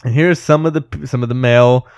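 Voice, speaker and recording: A man's voice: medium pitch, fairly even intonation, brisk, a little mellow, smooth, dry recording, highs cut off. A man co-hosting a podcast, chatting casually and reading out film trivia notes with frequent laughs. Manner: laughs often, reads trivia notes aloud. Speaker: podcast co-host. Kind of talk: casual chat.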